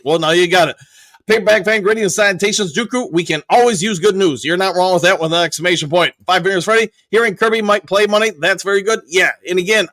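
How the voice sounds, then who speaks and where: A man's voice: on the high side, a bit bright, no echo. A male host on a live sports stream, upbeat, reading viewer comments aloud and greeting viewers by name. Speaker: show host.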